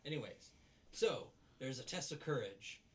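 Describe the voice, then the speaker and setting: A man casually recapping an anime episode with a friend, jumping into high squeaky voices to mimic characters. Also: lively intonation, moderate pace, recorded from a distance. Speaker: podcast co-host.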